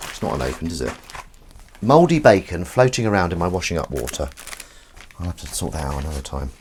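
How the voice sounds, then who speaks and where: Man, very low voice, lively swinging pitch, rambling casual stream chat, coaxing his cat, faint background hiss. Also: brisk. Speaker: livestream host. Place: home kitchen.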